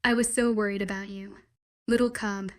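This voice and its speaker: A woman reading the lines of a protective young male town leader in a werewolf story, gentle and worried. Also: mid-range voice, fairly even intonation, moderate pace, natural voice. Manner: gentle, worried, then scolding.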